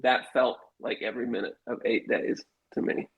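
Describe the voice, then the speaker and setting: Animated storytelling man, swears freely. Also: medium pitch, moderate pace, phone-quality sound. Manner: animated, swearing, acts out quoted voices. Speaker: guest telling a life story. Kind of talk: casual conversational storytelling.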